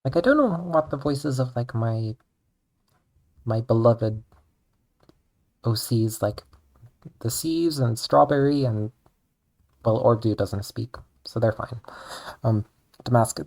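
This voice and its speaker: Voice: medium pitch, slow, long pauses, a little mellow. A young adult speaker with an Irish accent who streams and draws, chatting casually and rambling, with "like" in nearly every sentence. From Ireland. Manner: rambling, chatty, says "like" often. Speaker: streamer and artist. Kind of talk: casual chat while drawing.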